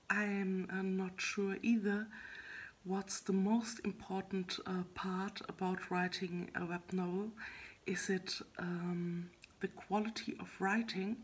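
A web fiction writer vlogs casually on her own about how her writing is going, speaking in a soft, half-whispered, husky mid-range voice. She is hesitant and halting, with plenty of fillers and restarts.

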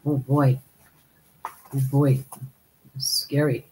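A woman's voice: a bass voice, flat delivery, very slow, darkish tone, poor audio. A woman hosting a live stream, chatting casually, laughing often and calling viewers darling as she reads their comments.

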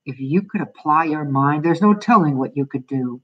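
A woman voicing a proud, stern father who grumbles at his family in a storybook reading, with a husky voice. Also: sits low, animated, moderate pace, far from the mic, highs cut off. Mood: gruff.

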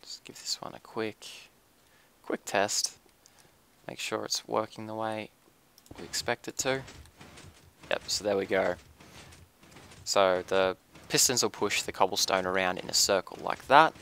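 A man giving casual, relaxed gameplay commentary, thinking aloud with frequent ums as he explains his build. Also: fairly low pitch, measured pace, vocal fry, long pauses, slight background noise.

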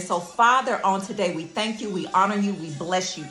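A woman's voice: mid-range voice, moderate pace, few pauses. A woman preaching a devotional sermon and prayer, emphatic, repeating phrases and calling on listeners to say words back. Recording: echoey room with faint music.

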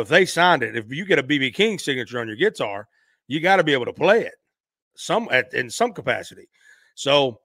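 Man telling a lively story, dry sound. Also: medium pitch, no echo. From Nashville, Tennessee. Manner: animated anecdote-telling, acting out quoted voices. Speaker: musician guest. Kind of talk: storytelling in a podcast interview.

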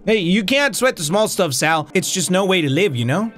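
A man's voice: high voice, lively intonation, moderate pace, a bit bright. A man voicing a cheerful, folksy female building caretaker who talks in a homey, chatty way. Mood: cheery.

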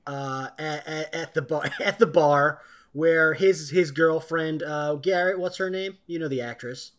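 Halting man recapping a movie. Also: fairly high pitch. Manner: meandering, halting, many fillers. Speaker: podcast co-host. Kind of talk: casual chat, recapping a film.

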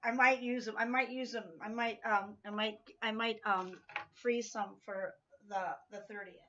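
A woman's voice: fairly high pitch, fairly even intonation, a little slow, sharp tone, highs cut off. A woman vlogger chatting casually at home, gushing over gifts with lots of fillers and restarts. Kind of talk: casual chat. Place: room at home.

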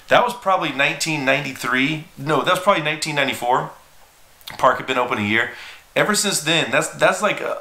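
Man in his forties, rambling and self-mocking, bright voice, echoey room. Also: medium pitch. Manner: rambling, profane, self-deprecating. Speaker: skateboarding team manager. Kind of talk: casual storytelling. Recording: roomy echo.

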